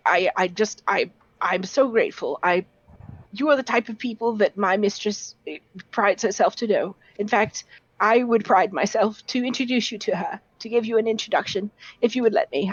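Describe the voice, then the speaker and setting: A woman's voice: mid-range voice, normal speed, husky, no echo, voice pushed up, natural voice. A woman voicing a shy, bookish young man who stammers and speaks overly politely. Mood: timid, grateful. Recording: dull dry lo-fi audio.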